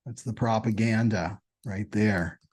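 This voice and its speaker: A man's voice: on the low side, fairly even intonation, a little slow, a little mellow, slightly rough. A man hosting an astrology channel, giving a loose, repetitive spiritual talk in a casual way and often checking in with "right?". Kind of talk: casual spiritual teaching monologue.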